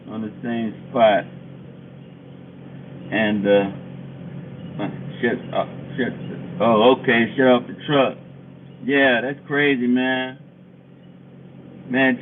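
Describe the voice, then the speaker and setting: Man, truck driver live-streaming from his cab; animated, repeats himself when worked up; phone-quality sound. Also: medium pitch, slight background noise. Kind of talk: casual livestream chat reading comments. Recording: tinny phone-like audio.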